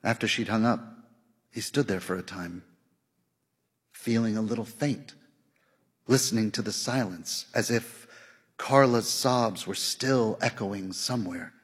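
Husky-voiced man reading a novel aloud. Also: on the low side, long reverb tail. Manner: measured storytelling, softening and lifting his voice for the dialogue. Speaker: audiobook narrator. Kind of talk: scripted narration of a literary novel.

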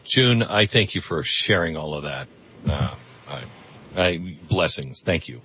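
Earnest animated radio host man. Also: rumbling low, measured pace, slightly rough, no echo. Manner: earnest, animated, with repeated restarts. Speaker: radio talk show host. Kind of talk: call-in radio talk. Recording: slightly muffled radio studio audio.

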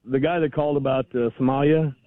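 A man's voice: mid-range voice, fairly even intonation, fast talker, no echo. A man calling in to a radio show, arguing his point insistently. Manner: argumentative, presses his point. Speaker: caller. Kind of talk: phone call to a radio show. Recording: phone line.

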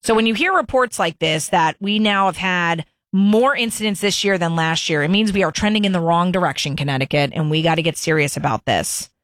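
A woman's voice: lowish voice, brisk, few pauses, fairly bright tone, no echo, studio quality. A woman hosting a talk radio show, delivering an emphatic opinion monologue and repeating herself for stress.

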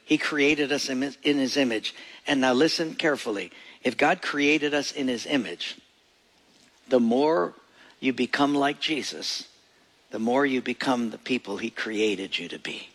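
A man's voice: a little high, animated, measured pace, a bit bright. A male pastor giving a sermon with folksy jokes and emphatic, storytelling delivery.

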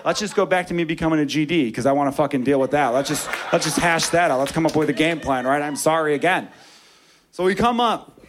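A male stand-up comedian telling a story to a crowd in a somewhat high voice. He is profane, animated and wry throughout. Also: fast, noisy background.

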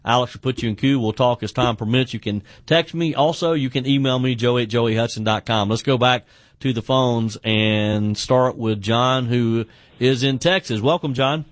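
A man's voice: medium pitch, moderate pace, no room sound. A man hosting a call-in radio talk show, often stumbling and repeating words as he talks.

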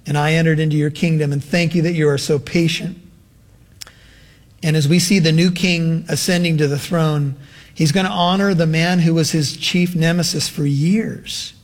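A male pastor delivers a sermon and then prays aloud. His voice sits slightly high for a man. He speaks earnestly and slows down to stress key words. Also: darkish tone. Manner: earnest preaching, slowing for emphasis.

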